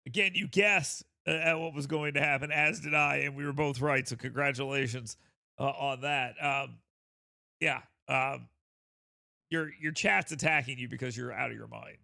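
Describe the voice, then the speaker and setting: A man's voice: mid-range voice, steady tone, moderate pace, gravelly, bright, forceful tone, dry recording, clean studio sound. A man hosting a talk show, commenting sarcastically and scoffing at clips he plays. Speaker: radio host. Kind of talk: mocking commentary over clips.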